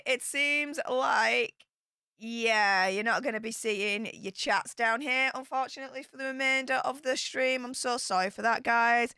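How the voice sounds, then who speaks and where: A young woman chatting excitedly on her livestream, telling travel stories in a chatty, excitable way. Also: fairly high pitch, dry recording, clean studio sound. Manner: chatty and excitable, with bursts of squealing. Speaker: YouTube streamer. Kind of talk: casual livestream storytelling.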